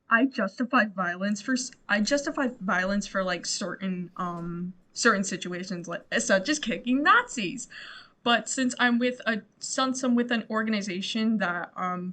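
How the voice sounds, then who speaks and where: This is a young woman co-hosting a podcast in a loose, casual chat. Her voice sits at an ordinary pitch. She stops and starts, leans on fillers and swears freely. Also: pushed and bright. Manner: halting, swearing, heavy on fillers. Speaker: podcast co-host.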